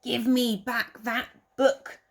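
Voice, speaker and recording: A woman's voice: fairly low pitch, lively intonation, extremely slow, mellow, husky, exaggerated voice. A woman voicing a grumpy, villainous old male owl in a storybook, gloating and snappish. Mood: furious.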